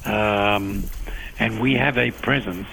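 A man with a South African accent, a guest on a radio interview, answering in a measured, explanatory way and laying out his points one by one. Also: fairly low pitch, steady tone, vocal fry, pushed and bright, slight background noise, low-quality recording. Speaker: guest, agency official.

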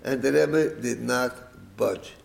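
A middle-aged man telling a family story to listeners, rambling and animated, acting out the quoted speech. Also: medium pitch, slow pace, creaky, echoey room, rough recording.

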